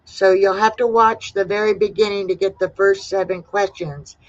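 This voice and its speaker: A woman hosting a casual livestream, reading out viewers' answers one by one in a relaxed way. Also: mid-range voice, moderate pace. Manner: relaxed, reads out chat replies one by one. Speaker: livestream host. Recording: dull lo-fi sound.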